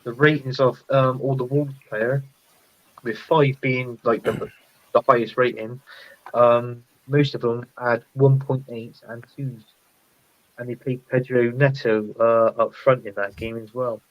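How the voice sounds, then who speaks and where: A man chatting casually as a football podcast panelist, thinking out loud and laughing often. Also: medium pitch, little pitch movement, a little slow, highs cut off. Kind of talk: casual chat.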